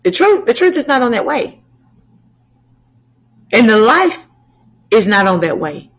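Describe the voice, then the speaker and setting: Slow, breathy woman preaching. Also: on the high side, very animated, low-quality recording. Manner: slow, drawn-out preaching with rhetorical questions. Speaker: channel host preacher. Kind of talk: sermon.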